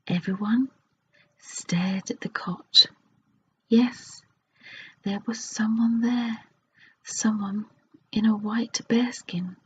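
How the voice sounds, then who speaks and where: Woman whispering a storybook, slow and soft. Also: medium pitch, steady tone. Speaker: ASMR storyteller. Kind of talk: whispered ASMR storybook reading. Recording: dull lo-fi recording with faint hiss.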